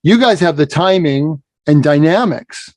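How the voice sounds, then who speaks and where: A man teaching bagpipe expression in a relaxed conversational lesson, with a voice sitting a little high for a man. He explains patiently and keeps checking in with a quick "right?". The sound is dry and close. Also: no echo. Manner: explanatory, asks "right?" often. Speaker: piping instructor.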